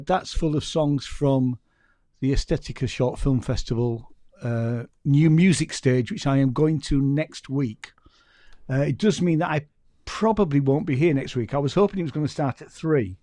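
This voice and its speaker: A man's voice: on the high side, moderate pace, mellow, no room sound, clean studio sound. A man with a Yorkshire accent, a podcast guest telling rambling, self-deprecating stories in casual chat. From York, England.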